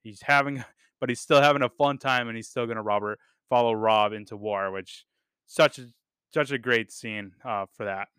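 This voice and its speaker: A man's voice: medium pitch, moderate pace, fairly bright tone, smooth, no room sound, studio quality. A man hosting a podcast, rambling enthusiastically in casual chat with lots of fillers and the odd swear word. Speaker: podcast host reviewing a TV series.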